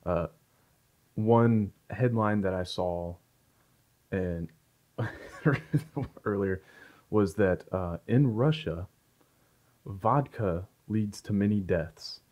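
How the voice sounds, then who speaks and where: A podcast host, joking around and laughing often. His voice is low. The recording is dull and lo-fi. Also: very slow, pauses often. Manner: jokey, laughing often, animated. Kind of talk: casual podcast chat.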